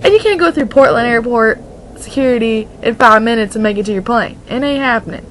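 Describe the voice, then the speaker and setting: A woman's voice: a little high, animated, a little fast, slight background noise, low-quality recording. A young woman from Oregon chatting casually in a vlog, rambling and restarting her sentences, with "like" in nearly every line. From Oregon, USA. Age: young adult. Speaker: vlogger.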